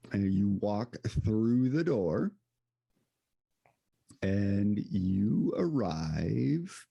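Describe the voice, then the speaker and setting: A man acting as dungeon master, narrating scenes and calling for dice rolls in a relaxed, unhurried way. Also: mid-range voice, vocal fry. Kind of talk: running a tabletop game.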